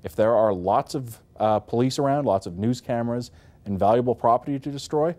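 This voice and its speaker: A man's voice: medium pitch, fairly quick, a little mellow. A man giving blunt opinion commentary, dismissive in tone.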